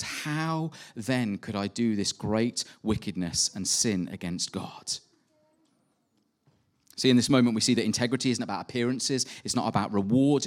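Conversational male preacher. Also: on the low side. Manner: conversational, with animated rhetorical asides. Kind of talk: sermon.

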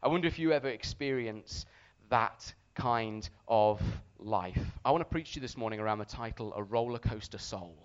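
A man preaching a sermon to a congregation, telling a story with animated, shouted re-enactments. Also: lowish voice, normal speed, few pauses, smooth, lo-fi sound.

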